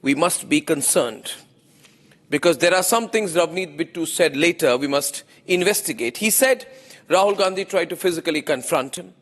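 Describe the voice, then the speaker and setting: A man's voice: fairly high pitch, normal speed, fairly bright tone, in a large hall. A man with an Indian English accent, delivering an opinionated TV news monologue as anchor, emphatic and repeating phrases for effect.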